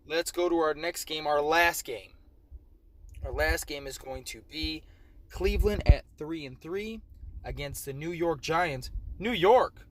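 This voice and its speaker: Tired man with a slightly high voice. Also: a bit bright, poor audio. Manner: slightly slurred, rambling with self-corrections. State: tired, late at night. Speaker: fantasy football league host. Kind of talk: casual game preview commentary.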